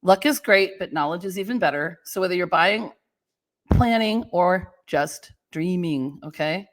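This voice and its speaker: A woman's voice: fairly low pitch, measured pace. A woman hosting her own real estate podcast, talking casually on her own with loose, chatty asides and frequent restarts. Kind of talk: casual solo podcast talk.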